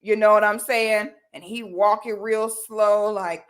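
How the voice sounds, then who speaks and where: A woman's voice: medium pitch, a little slow. A woman vlogger telling a personal story in casual slang, acting out what people said. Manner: animated, slangy, acts out quotes.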